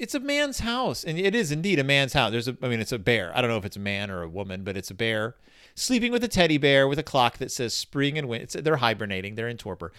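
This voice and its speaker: A man's voice: a little high, fast talker, clean tone, no echo, clean studio sound. A man joking his way through a comedic book commentary, rambling into sarcastic tangents. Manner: sarcastic, animated.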